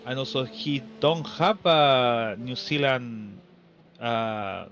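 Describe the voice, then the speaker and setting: A man co-commentating a race in casual chat, halting and restarting with non-native phrasing. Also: mid-range voice, a bit bright, highs cut off, slight background noise.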